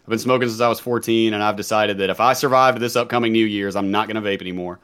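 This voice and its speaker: A man's voice: fairly low pitch, steady tone, fast talker, fairly bright tone, clean tone. A man in his thirties with a mild Southern American accent, chatting casually as a podcast guest, rambling and laughing as he goes. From Southern United States. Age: 30s.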